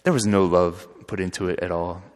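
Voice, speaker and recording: A man who is a friar, telling a story in an earnest, halting way with frequent restarts. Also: deep voice, fairly even intonation, darkish tone. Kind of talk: storytelling talk. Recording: long hall reverb.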